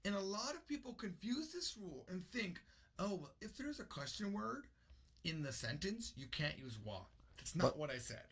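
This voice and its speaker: A man's voice: sits high, big pitch swings, normal speed, fairly bright tone, breathy edge. A man teaching a casual online lesson with energy, repeating example sentences aloud. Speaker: language teacher.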